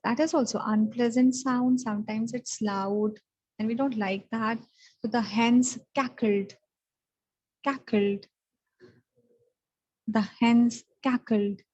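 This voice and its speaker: A woman with a Pakistani English accent teaches English vocabulary in an online lesson, explaining each word and repeating it slowly. Her voice is a little high with a darkish tone, and the highs are cut off.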